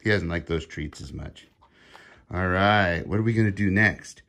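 A man's voice: deep voice, normal speed, gravelly, fairly bright tone. A middle-aged man, casually filming himself giving short commands and easygoing praise to a dog. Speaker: dog owner filming a training demo. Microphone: handheld camera he films himself.

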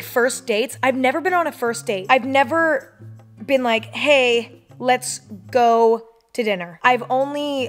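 Young woman, casual vlog chat, rambling with lots of "like", slightly high voice, light music behind. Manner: chatty, swearing, lots of "like". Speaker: vlogger.

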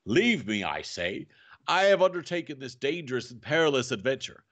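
Man voicing an obstinate elderly professor: animated swings, gentle then menacing. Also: fairly low pitch, unhurried. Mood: vehement. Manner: tender then harsh and menacing. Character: old male professor, stubborn, fiercely determined. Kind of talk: reading a novel aloud.

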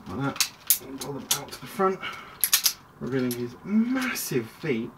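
A man's voice: mid-range voice, big pitch swings, slow pace. Man rambling through a toy review. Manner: rambling, chatty, self-interrupting. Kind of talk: casual toy review vlog. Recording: distant mic with clear background noise.

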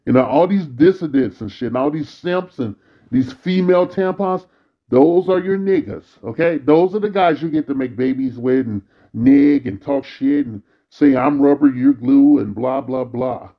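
A man's voice: on the high side, sing-song, normal speed, highs cut off. A man delivering a bitter, weary, profanity-heavy monologue as a vlogger. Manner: bitter, weary ranting, frequent cursing.

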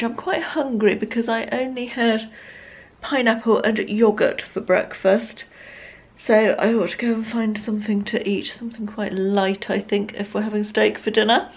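An English woman in her fifties chatting through her day in a rambling, self-mocking daily vlog, filmed on a handheld camera in her car and at home. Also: a little high. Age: 50s. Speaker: lifestyle vlogger. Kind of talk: casual daily vlog chat.

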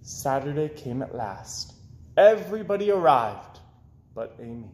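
A man reading children's picture books aloud in an expressive storytelling voice. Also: medium pitch, a little slow, reverberant. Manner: expressive, with swoops up and down. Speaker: children's book reader.

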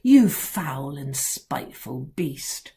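A woman reading a storybook, voicing a furious, grumpy father who snarls his words slowly. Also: very deep voice, big pitch swings, creaky, warm tone, pitched below the performer's own voice, exaggerated voice. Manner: snarling, slow and heavy.

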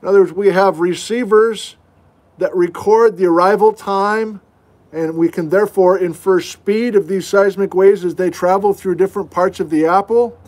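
A middle-aged man with a fairly high voice talks through a relaxed geology lesson streamed from his house. He chats easily and folksily, and he pokes fun at himself as he answers viewers. It sounds like a webcam or desk mic in a home room. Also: moderate pace. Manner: chatty, folksy, self-deprecating asides. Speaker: geology instructor hosting a livestream. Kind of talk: casual livestream lesson answering viewer questions. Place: at home, indoors.

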